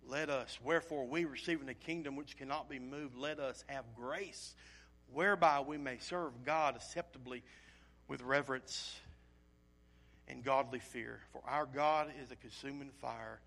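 Speaking at normal speed in a creaky, mid-range voice, a man preaches through a personal story. He's earnest and emotional, animating the telling by acting out his own asides.

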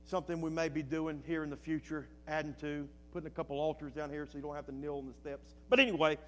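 A man delivers a sermon from the pulpit. He drops into soft, low-key storytelling, then slows right down to stress each word. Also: little pitch movement, slight background noise. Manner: preaching with rising and falling intensity, slow emphatic phrases. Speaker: pastor.

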